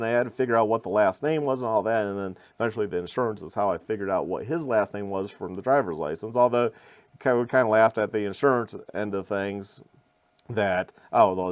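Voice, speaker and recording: A man in a casual, rambling vlog retelling a road crash. He repeats words, restarts sentences and adds wry asides. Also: lowish voice. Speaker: vlogger recounting a crash. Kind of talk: casual storytelling to camera.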